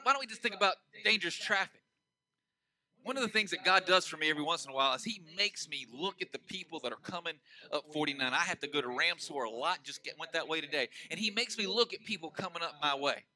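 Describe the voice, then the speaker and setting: A pastor preaching a sermon, swinging between loud emphatic declarations and hushed asides, and stretching key phrases out slowly. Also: male voice, fairly high pitch, expressive, low-quality recording.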